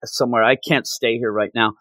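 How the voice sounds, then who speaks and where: A man voicing a frightened young woman who pleads in a rushed, breathless way while retelling a comic book story. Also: medium pitch, fairly even intonation, bright, forceful tone, no room sound, lightly acted. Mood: panicked.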